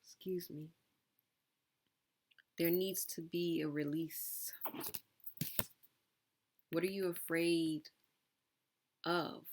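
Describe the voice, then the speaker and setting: A woman's voice: lowish voice, fairly even intonation, drawn-out words, long pauses, a little mellow. A woman giving a collective tarot reading, asking probing questions and breaking off for casual asides. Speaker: tarot reader.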